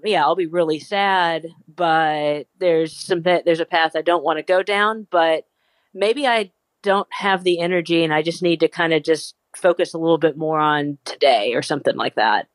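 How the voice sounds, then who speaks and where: Podcast host, reflective, rambling, "you know" fillers, mid pitch, dry sound. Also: no echo. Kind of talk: casual conversation.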